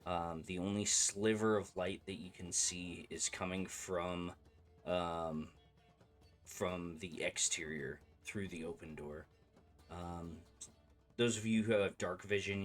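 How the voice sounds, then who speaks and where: Male game master, deep voice, slow, hesitant scene narration. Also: a bit bright. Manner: hesitant, lots of fillers.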